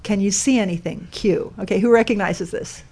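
A woman's voice: mid-range voice, a little fast, dark tone. A woman giving a talk to a live audience, explaining step by step and putting questions to the room. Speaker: speaker giving a talk on a code sculpture.

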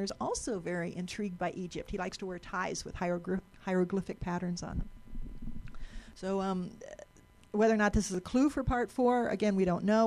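A woman's voice: medium pitch, gravelly, a little mellow. A woman giving a live presentation to an audience in a lecture room, chatty and explanatory, often restarting and repeating words.

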